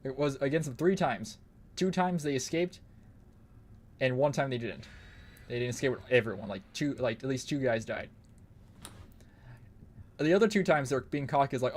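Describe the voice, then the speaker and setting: A young man talks over his gameplay in a loose, rambling way, peppering every thought with curses. His voice sits at an ordinary middle pitch, and he laughs easily between remarks. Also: moderate pace, long pauses, slight background noise. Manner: rambling, profane, laughs often. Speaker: streamer. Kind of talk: casual gaming commentary.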